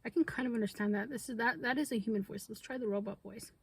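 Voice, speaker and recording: A woman's voice: fairly high pitch, quick pace, breathy edge. A woman vlogging outdoors at a cemetery, asking questions casually and sometimes dropping to a whisper. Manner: questioning, often drops to a whisper. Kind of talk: casual ghost-hunting vlog talk.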